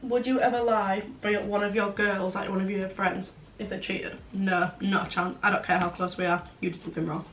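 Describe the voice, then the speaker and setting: A woman's voice: medium pitch, little pitch movement, fairly quick, hardly any pauses, fairly bright tone. A young woman chatting frankly in a casual vlog Q&A, blunt and full of "like" fillers. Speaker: vlogger. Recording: roomy, slightly distant, faint background noise.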